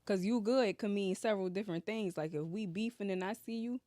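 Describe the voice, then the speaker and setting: A woman's voice: medium pitch, fast talker, mellow, no echo, clean studio sound. A Southern woman with an African American accent, chatting casually and acting out the phrases she quotes. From Southern United States. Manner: emphatic, acts out quoted phrases. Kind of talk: casual chat.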